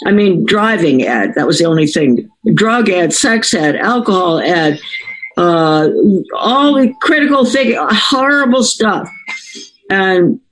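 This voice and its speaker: A woman's voice: mid-range voice, expressive, takes it slowly, poor audio. Older woman, ex-school board member, digressive storyteller who keeps correcting herself. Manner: rambling, digressive, self-correcting. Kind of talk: anecdotal personal storytelling.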